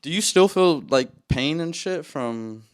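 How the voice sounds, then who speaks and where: Podcast cohost guy, kinda high voice, says bro a lot, just reacting to the story. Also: expressive, measured pace, clean tone, faint music behind. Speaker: podcast co-host. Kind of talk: casual chat.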